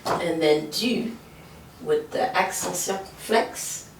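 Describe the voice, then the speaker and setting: Lady teacher going over french accents real slow, kinda gravelly lowish voice, sounds far off in a roomy echoey space. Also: a little hiss or hum. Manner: slow, patient explaining with many "okay?" checks. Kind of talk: whiteboard language lesson.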